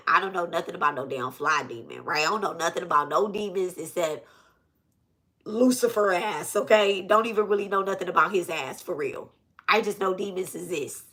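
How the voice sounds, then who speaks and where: A woman telling a story straight to her viewers in a loose, conversational monologue. Her voice is bright and forceful. She swears freely, talks emphatically and repeats lines to hammer them home. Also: lowish voice. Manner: profane, emphatic, repeats herself. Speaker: spiritual reader and vlogger.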